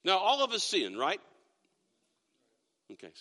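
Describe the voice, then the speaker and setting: A middle-aged man preaching a sermon, reading scripture slowly and emphatically, stumbling over restarts. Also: sits high, huge pitch swings, sharp tone, in a large hall. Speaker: pastor. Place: church sanctuary.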